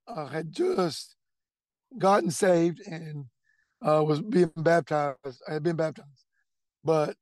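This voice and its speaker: Man, middle-aged, earnest testimony, fairly high voice, dry recording. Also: a little mellow, no room sound. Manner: earnest, repeats words when emotional. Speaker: testimony speaker. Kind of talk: personal testimony storytelling.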